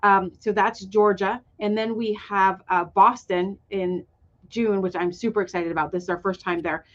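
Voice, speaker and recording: A woman's voice: mid-range voice, fairly even intonation, moderate pace, fairly bright tone, dull audio. A woman guest on an online webinar, describing her events with enthusiasm and many fillers. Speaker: guest, retreat organizer. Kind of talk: webinar conversation.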